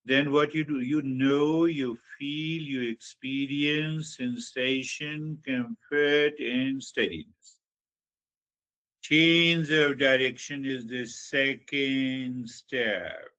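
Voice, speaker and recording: A man giving a slow, reflective spiritual teaching talk, guiding listeners inward with measured repetition. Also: medium pitch, steady tone, fairly bright tone.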